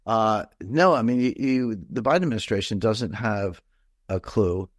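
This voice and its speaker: Middle-aged guy rambling thru an interview, lots of uhs and restarts, lowish voice. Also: moderate pace, dry recording, studio quality. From mid-Atlantic United States. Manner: rambling, digressive, many fillers and restarts. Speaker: guest. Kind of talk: conversational interview.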